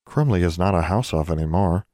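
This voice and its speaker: A man voicing a timid male elf servant who whispers softly and speaks of himself in the third person. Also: low voice, expressive, a little fast, no room sound, clean studio sound. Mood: solemn. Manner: soft hushed third-person speech.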